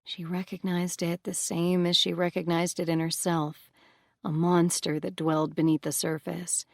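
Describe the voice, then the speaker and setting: A woman narrating an audiobook in a calm, measured way. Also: fairly low pitch, creaky, no echo, studio quality. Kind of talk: scripted narration.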